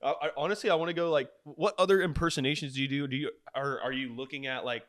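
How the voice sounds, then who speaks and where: A man's voice: fairly high pitch, fairly even intonation, fast, fairly bright tone, dry recording, clean studio sound. A man hosting a casual podcast interview, who talks in a loose, rambling way full of fillers. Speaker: podcast host.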